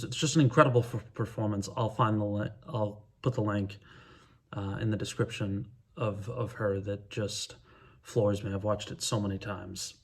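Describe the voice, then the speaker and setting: A middle-aged man talking casually to camera as a music vlogger, counting down his favorite records in an easygoing, enthusiastic way with frequent hesitant pauses. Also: on the low side.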